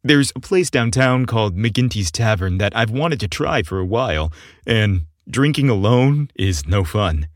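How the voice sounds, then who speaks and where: A man's voice: fairly low pitch, lively intonation, a little slow, dry recording, studio quality. A man voicing a shy, good-natured young gay man in an audio story. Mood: friendly.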